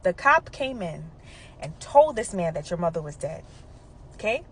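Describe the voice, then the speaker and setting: A woman voicing a hospital nurse who urgently confides a secret in a hushed tone. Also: fairly low pitch, very animated, normal speed, breathy edge. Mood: confiding.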